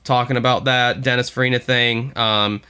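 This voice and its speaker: A man's voice: medium pitch, fairly even intonation, moderate pace, bright, forceful tone, clear, resonant tone. A man co-hosting a podcast, chatting in a rambling, profane, self-deprecating way. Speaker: podcast co-host. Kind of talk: casual podcast chat.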